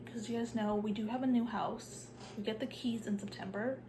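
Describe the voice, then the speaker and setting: A woman's voice: a little high, fairly even intonation, normal speed, background noise. A young woman, sick with a cough and sore throat, chatting casually in a vlog and saying "like" a lot. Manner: chatty, says "like" a lot, drops to a hushed whisper at times. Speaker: vlogger.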